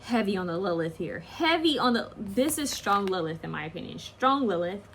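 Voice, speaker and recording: A woman's voice: mid-range voice, sing-song, normal speed, fairly bright tone, a little hiss or hum. A woman giving a casual pick-a-card tarot reading, chatty and rambling with slangy asides.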